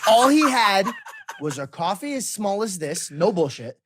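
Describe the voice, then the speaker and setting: A man, a guest on a casual podcast, telling a lively story and putting on quick impressions of the people in it. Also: high voice, background noise. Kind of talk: casual chat.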